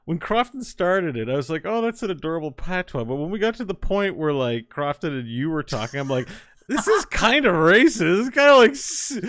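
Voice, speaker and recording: A man co-hosting a podcast in casual chat, excitable and rambling, often breaking into laughs. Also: high voice, brisk, no room sound, studio quality. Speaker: podcast co-host.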